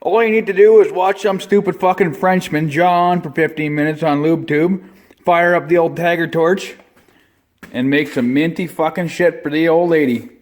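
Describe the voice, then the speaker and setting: In a garage or shop, a man from Canada plays it straight through a vulgar fake tutorial, cursing freely as a deadpan comedy vlogger. He speaks at an ordinary speed in a slightly high, steady voice.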